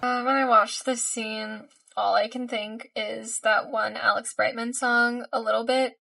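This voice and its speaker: A woman's voice: a little high, level tone, measured pace, vocal fry, pushed and bright, dry recording, recorded from a distance. A woman hosting a reaction video, talking back to the screen in an emotional, gushing way. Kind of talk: casual reaction commentary.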